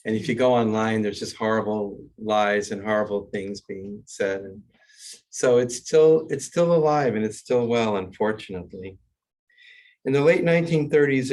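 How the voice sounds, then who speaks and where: An older man teaching as a rabbi, chanting a warm-up and then telling jokes in a wry storyteller's way. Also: medium pitch. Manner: wry storyteller, chuckles at his own jokes. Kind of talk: class talk with joke-telling and chanting.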